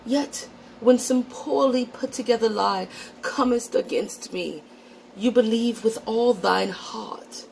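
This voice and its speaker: A woman's voice: a little high, takes it slowly, vocal fry, a little mellow, slight background noise, voice pushed up, poor audio. A woman putting on a pompous, self-righteous man who preaches in archaic old English, recited in a theatrical mock-Shakespearean manner. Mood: preachy.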